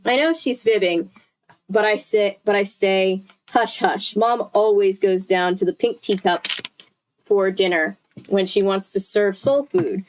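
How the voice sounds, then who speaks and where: Streaming live, a young woman reads a novel aloud in a relaxed, chatty way, stopping to correct herself and talk with her chat. She speaks at a measured pace in a mid-range voice, with slight background noise.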